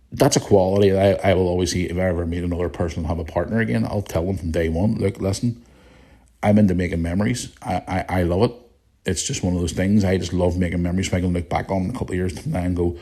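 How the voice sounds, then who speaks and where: Northern Irish male podcast host, middle-aged, low mellow voice, blunt and chatty, swears. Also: slightly rough. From Northern Ireland. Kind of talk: casual solo podcast chat.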